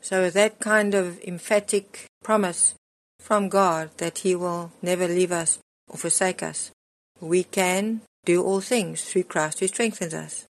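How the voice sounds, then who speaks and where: A woman's voice: lowish voice, fairly even intonation, slow pace. A middle-aged woman preaching a sermon, earnest and emphatic as she reads and explains scripture.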